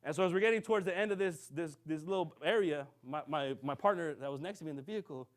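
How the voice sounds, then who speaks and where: A man preaching to a congregation. He tells a story with lively, acted-out dialogue and keeps checking in with his listeners. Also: a little high, quick pace. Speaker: minister. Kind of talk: sermon storytelling.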